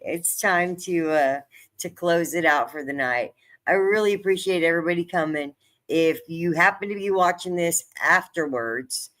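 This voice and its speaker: Older woman, livestream host, bright forceful voice, chatty, emotional, laughs a lot. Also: low voice. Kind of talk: casual live-stream chat.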